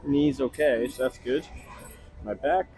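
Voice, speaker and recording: A man's voice: medium pitch, unhurried, warm tone, poor audio. A young man vlogging his leg workout in a gym, talking casually to viewers between sets, sometimes out of breath. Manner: casual, swears, coaching asides to viewers. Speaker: fitness vlogger. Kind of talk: casual gym vlog talk. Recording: gym ambience noise.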